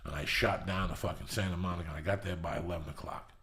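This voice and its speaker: Gravelly, profane storyteller man. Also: sits low, steady tone, fast, a bit bright, reverberant. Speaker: podcast host. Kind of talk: storytelling monologue.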